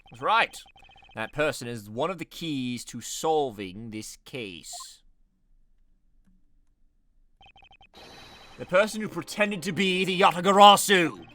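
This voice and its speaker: A man voicing a composed, formal male prosecutor in a measured, deliberate way. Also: fairly high pitch, expressive, pushed and bright, pitched above the performer's own voice. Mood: confident.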